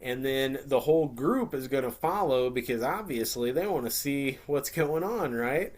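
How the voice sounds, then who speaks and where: A man's voice: mid-range voice, lively intonation, moderate pace. Man teaching turkey hunting casually. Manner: conversational, acts out turkey scenarios with playful voices. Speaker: hunting instructor. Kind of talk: webinar lesson.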